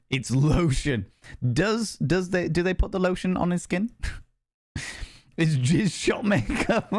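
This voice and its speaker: A man's voice: fairly high pitch, dry recording, studio quality. A man live-streaming in casual chat, laughing often and swearing freely.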